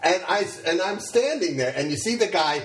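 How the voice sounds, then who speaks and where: A man's voice: high-pitched, lively intonation, moderate pace. Man, comedian swapping road stories, conversational with stammered restarts, roomy echo, distant from mic. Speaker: stand-up comedian. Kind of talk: casual storytelling chat. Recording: echoey room, far from mic.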